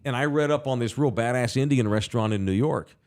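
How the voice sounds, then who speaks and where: A man, a podcast co-host telling a story in casual chat, animated and cursing freely. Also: mid-range voice, fast talker. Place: sports bar studio.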